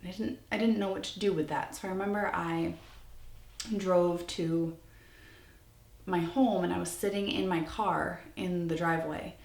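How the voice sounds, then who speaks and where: A young woman in her twenties tells a personal story to camera, candid and rambling as she restarts her sentences. Her voice has a gravelly fry. The recording sounds roomy and echoey. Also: fairly low pitch, steady tone, measured pace, a little mellow. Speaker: vlogger. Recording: echoey room.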